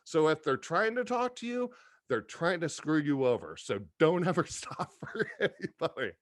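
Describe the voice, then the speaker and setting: A man's voice: a little high, big pitch swings, normal speed, no echo, clean studio sound. A middle-aged man telling rambling, profane stories in casual chat, often laughing as he talks. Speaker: podcast guest.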